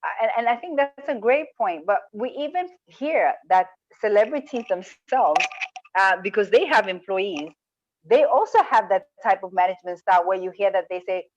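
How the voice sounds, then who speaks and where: A woman's voice: mid-range voice, expressive, moderate pace, highs cut off. A woman hosting the talk, asking thoughtful questions and searching for words as she goes. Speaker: host. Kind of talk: interview questions.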